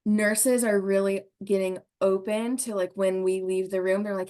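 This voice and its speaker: A woman talks on a podcast in an earnest, emotional way, with a laugh coming through now and then. Her voice sits at a middle pitch. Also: fairly even intonation, normal speed, a little mellow. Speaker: guest. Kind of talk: podcast conversation, storytelling.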